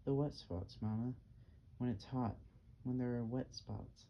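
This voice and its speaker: A man's voice: mid-range voice, steady tone, measured pace. A young man voicing a curious small boy in his own plain reading voice, recorded dull and lo-fi. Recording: dull lo-fi, faint hiss.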